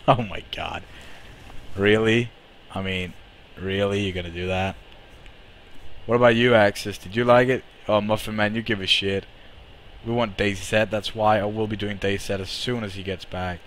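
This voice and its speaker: A young man streaming a game live, swearing and reacting excitedly while chatting to his viewers. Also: fairly low pitch, normal speed, slight background noise. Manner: excitable, swears a lot, talks to chat. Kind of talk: live gameplay commentary.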